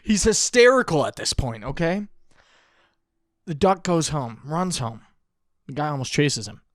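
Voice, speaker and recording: A young man co-hosting a podcast, telling a joke in casual chat, laughing often and jumping into high voices for his characters. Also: sing-song, unhurried, no echo, clean studio sound. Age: young adult. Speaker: podcast co-host. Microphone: close podcast mic.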